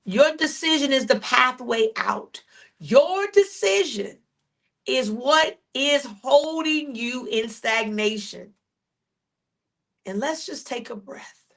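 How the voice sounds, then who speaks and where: Her voice is high, animated, creaky, and a little bright as she preaches a sermon on her podcast. She repeats refrains, questions her listeners directly, and alternates rapid storytelling with slow, lingering declarations.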